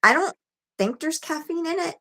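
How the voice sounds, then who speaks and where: A woman's voice: very high-pitched, lively intonation, moderate pace, pushed and bright. Woman, co-host, casual livestream chat, chatty storyteller.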